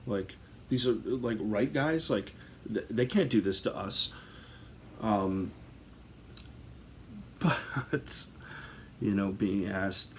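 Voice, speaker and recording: A man's voice: mid-range voice, a little slow, long pauses, a little hiss or hum. A man casually telling a comic story on a podcast, rambling through lots of fillers and breaking into laughter. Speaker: podcast host.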